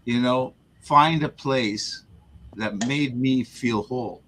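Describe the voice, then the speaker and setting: A man's voice: medium pitch, slow, fairly bright tone, slight background noise, rough recording. A man who is a guest on an interview show earnestly recounts a personal story, often repeating words and restarting his sentences. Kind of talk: conversational storytelling.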